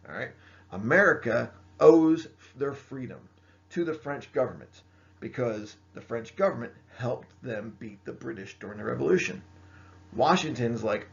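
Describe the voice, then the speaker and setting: Gravelly man giving a casual history lecture. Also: mid-range voice, lively intonation, measured pace, lo-fi sound. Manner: casual, frequent "all right?" check-ins and fillers. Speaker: high school history teacher. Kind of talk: classroom lecture.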